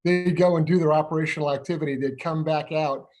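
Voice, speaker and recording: This middle-aged man talks in a firm, explanatory way on a political discussion show and keeps posing rhetorical questions. His voice sits a little high for a man. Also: steady tone, quick pace, a little mellow. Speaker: co-host, investigations director.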